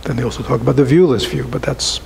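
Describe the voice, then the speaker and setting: A man giving a relaxed, conversational dharma talk to a small group as a Buddhist teacher, often asking rhetorical questions and adding "right?". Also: mid-range voice, fast, vocal fry, slight background noise, low-quality recording.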